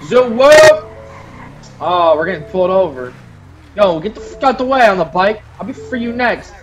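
A man voicing a loud, boastful male street gang member in a game role-play, taunting in heavy street slang. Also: high-pitched, lively intonation, normal speed, highs cut off, faint music behind. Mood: hyped taunting.

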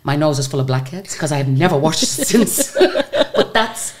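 Very deep-voiced Irish woman storyteller. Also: normal speed, a little hiss or hum. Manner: lively anecdotes with laughter. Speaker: singer and guest. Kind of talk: casual storytelling interview.

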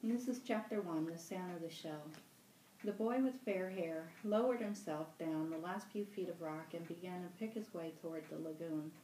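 Woman library director reading a novel aloud, steady, echoey and distant. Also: on the low side, normal speed, slight background noise. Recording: roomy room, mic at a distance.

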